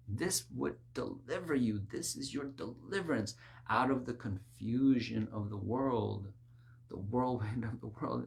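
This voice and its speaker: A man preaching a sermon in an animated way, dropping to low murmurs and rising to high, insistent exclamations, with mocking asides. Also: vocal fry. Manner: mocking, acts out worldly voices.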